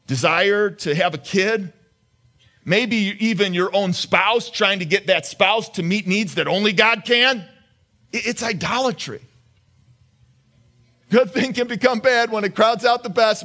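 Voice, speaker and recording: A man's voice: high-pitched, bright, forceful tone. A male pastor preaching a conversational sermon, questioning the congregation and often repeating his words.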